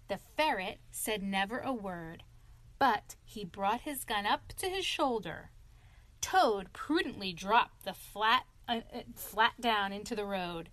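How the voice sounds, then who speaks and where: A woman reading a classic children's story aloud in an expressive way, now and then stumbling over a word. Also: mid-range voice, takes it slowly, no echo. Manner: expressive reading with occasional slips.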